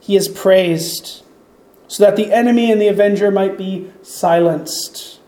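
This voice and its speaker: A preacher giving a reflective sermon, slowing down when reading scripture aloud. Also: mid-range voice, dark tone. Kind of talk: sermon on a psalm. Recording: echoey room.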